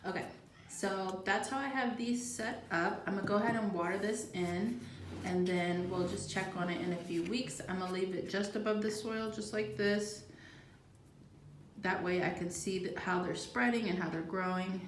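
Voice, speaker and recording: A woman's voice: mid-range voice, fairly even intonation, moderate pace. A woman hosting a gardening channel, chatting casually in her home kitchen and thinking aloud as she works. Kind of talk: casual how-to chat. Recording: echoey room with faint background noise.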